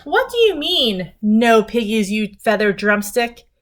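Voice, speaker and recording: A shrill, cackling witch from a picture book, bossy and greedy, shouting high and loud at the farm animals, as a woman reading aloud puts her on. Her voice climbs well above an ordinary speaking pitch and stays pushy and impatient. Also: lively intonation, normal speed. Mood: demanding. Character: cranky greedy shrieking female witch.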